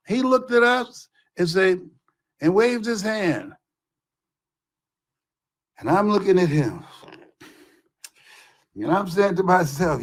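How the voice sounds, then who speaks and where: A man giving a motivational talk and telling funny stories, with animated delivery and shouted punchlines. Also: high-pitched, a little slow, pauses often. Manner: animated storytelling, shouting for emphasis. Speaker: motivational speaker.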